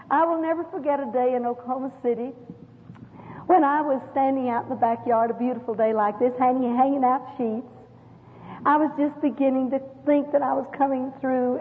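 A middle-aged woman gives a folksy, emphatic spoken testimony to an audience. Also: high voice. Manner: folksy, emphatic, with sudden rises and drops. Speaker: women's speaker giving testimony. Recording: echoey hall, tinny phone-like sound.

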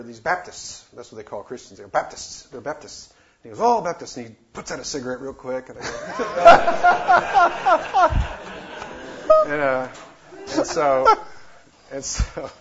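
Halting man telling a mission story. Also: medium pitch. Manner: halting, many fillers and restarts, laughs while telling. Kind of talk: casual testimony storytelling. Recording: dull lo-fi recording with faint noise.

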